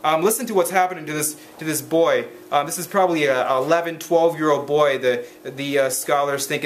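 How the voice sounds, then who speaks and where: A man's voice: fairly high pitch, slight background noise. A man preaching a sermon as pastor, reading scripture and explaining it, often restarting his sentences with fillers. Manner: halting, many restarts and fillers. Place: church. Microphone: handheld camera recording.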